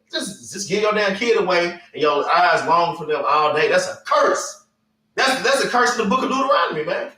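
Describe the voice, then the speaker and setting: A man's voice: high voice, expressive, normal speed, bright, forceful tone, recorded from a distance. A man teaching a Bible class, preaching bluntly with slang and cursing, and often tagging "man" and "all right". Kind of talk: informal preaching with scripture reading. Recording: echoey room, away from the mic.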